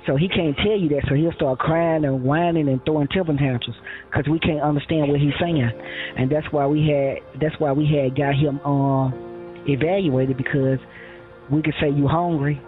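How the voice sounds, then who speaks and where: A man with a voice on the high side speaks at a moderate pace with fairly even intonation. In a phone interview, he rambles through his story, quotes other people, and keeps restarting and using fillers. The call sounds tinny, with faint music in the background.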